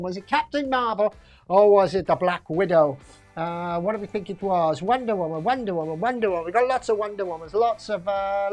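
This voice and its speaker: A woman hosting a pub quiz live stream in a chatty, jokey way, reading out answers and laughing often. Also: mid-range voice.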